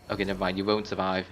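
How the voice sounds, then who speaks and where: A man commentating live on his own gameplay, chatting casually and bursting into loud screams and laughs at the game. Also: low voice, a little hiss or hum. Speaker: game streamer.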